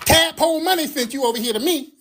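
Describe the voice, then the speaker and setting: A man mimicking a sassy, whiny, indignant grown man in a high, whining voice. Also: fast, sharp tone. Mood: sassy mocking.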